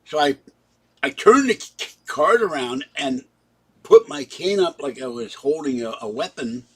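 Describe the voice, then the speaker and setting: Husky-voiced man rambling through a story. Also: fairly high pitch, lively intonation, moderate pace. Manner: rambling, recounts events in present tense and acts out the quarrel; breaks off to talk softly to his cats. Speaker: vlogger. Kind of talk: casual spoken storytelling.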